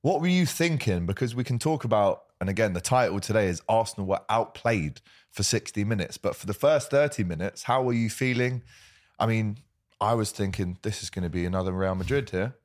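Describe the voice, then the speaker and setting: A man with a Liverpool accent hosting a casual football chat show, reading out viewer comments and giving shout-outs. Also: fairly low pitch, lively intonation, fairly quick. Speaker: podcast host.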